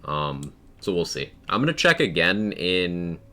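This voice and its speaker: A man's voice: low-pitched, sing-song, a little slow, bright, forceful tone. A man streaming a video game live, chatting casually and explaining game mechanics to his viewers. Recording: noisy live-stream audio.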